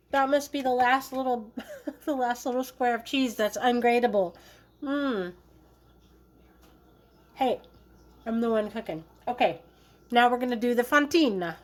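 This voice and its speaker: A woman's voice: on the high side, unhurried, long pauses. A woman hosting a cooking video, chatting casually in a playful, joking way while she works in her home kitchen. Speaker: cooking vlogger.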